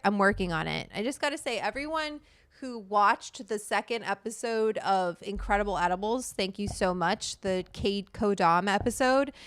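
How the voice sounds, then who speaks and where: The clip is a dry recording of a middle-aged woman with a clean, fairly bright mid-range voice. She is a cannabis cook livestreaming casually from a room at home on a desk studio mic, reading comments, rambling and swearing now and then.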